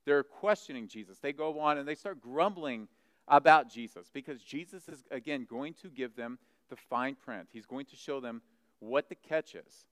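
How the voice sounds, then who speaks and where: A male pastor preaching a sermon. He retells a scripture passage and voices the doubting crowd with a rising, agitated pitch. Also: normal speed, clear, resonant tone, dry recording, big-room sound.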